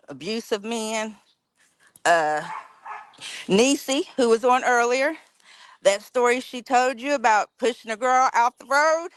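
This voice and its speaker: A woman's voice: fairly high pitch, fairly bright tone, no echo. Blunt, emotional middle-aged woman from West Virginia. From West Virginia, USA. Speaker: guest. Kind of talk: candid personal storytelling.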